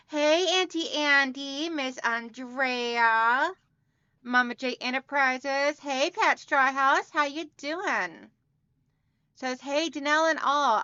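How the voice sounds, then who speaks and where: Pitched high with a sharp, clean tone, this quilting channel host chats upbeat from her home livestream, calling out viewers by name and reading their comments. There's no room sound; the audio is a dry, somewhat dull home recording.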